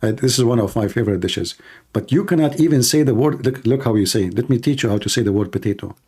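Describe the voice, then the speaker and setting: A Middle Eastern man whose first language is Arabic hosts a live-stream cooking chat full of teasing and jokes, laughing at his own lines. He speaks quickly in a medium-pitched voice that is mellow and husky.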